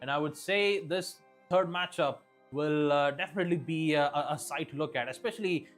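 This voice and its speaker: A man's voice: a little high, a little fast, soft background music. A man giving esports color commentary, analytical and prone to fillers. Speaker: esports caster.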